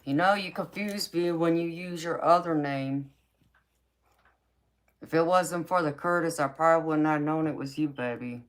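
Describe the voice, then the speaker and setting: At a moderate pace, a raspy, low-voiced woman hosts a late-night live stream as a tarot reader. She answers her viewers' comments with sass and warmth, calls them baby, and sounds a bit dry-mouthed from all the talking.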